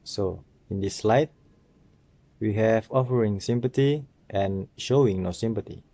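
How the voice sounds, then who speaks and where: A young male student walks through his presentation at a slow, careful pace, stumbling now and then. His voice sits low, with a mellow, dark tone. It has a gravelly texture, and the recording is dry and close. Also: no echo. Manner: careful, halting reading with small slips. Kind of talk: reading a class presentation from slides.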